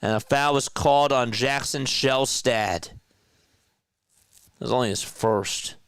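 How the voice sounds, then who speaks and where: A man with a South Jersey accent calling a basketball game as a casual live-stream play-by-play commentator, chatty and quick to correct himself. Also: mid-range voice, fairly bright tone, smooth, no room sound, clean studio sound. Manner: chatty, laughs easily, corrects himself mid-call.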